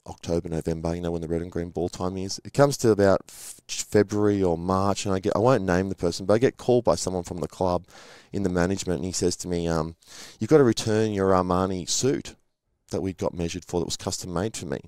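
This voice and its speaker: A man's voice: sits low, fairly even intonation, fast, hardly any pauses, a little mellow, clean tone, no echo, clean studio sound. A middle-aged man, a former rugby league player, telling stories in a casual interview and acting out the voices of people he quotes. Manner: chatty, acts out quoted voices in anecdotes.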